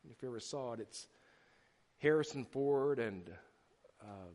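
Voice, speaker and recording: A man's voice: medium pitch, measured pace. A middle-aged man preaching a sermon as pastor, telling stories animatedly with frequent restarts. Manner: animated storytelling with repeated restarts. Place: church sanctuary. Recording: long hall reverb.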